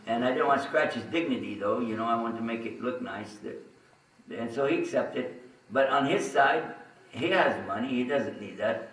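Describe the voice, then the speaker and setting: A man's voice: mid-range voice, moderate pace, a bit bright. Man telling a story in a roomy hall. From Texas. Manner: chatty storytelling with asides. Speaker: religious speaker telling his story. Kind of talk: storytelling talk to an audience. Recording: roomy sound from a distant mic.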